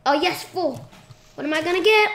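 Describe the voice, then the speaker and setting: A woman giving casual, excitable commentary while playing a game, shrieking at surprises. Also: very high voice, fairly quick. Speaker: gaming channel host. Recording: echoey room with clear noise.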